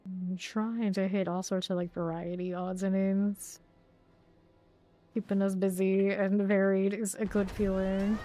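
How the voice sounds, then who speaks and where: A woman talking casually as she streams a game live. She rambles between thoughts and laughs often, in a mid-pitched voice. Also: level tone, a little slow, mellow.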